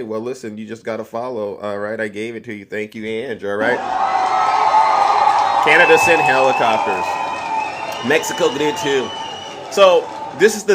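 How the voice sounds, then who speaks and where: A man's voice: mid-range voice, fairly bright tone, a little hiss or hum. Guy going off on his live stream, heated and preachy, lecturing the viewers. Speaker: livestream political commentator. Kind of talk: ranting live commentary.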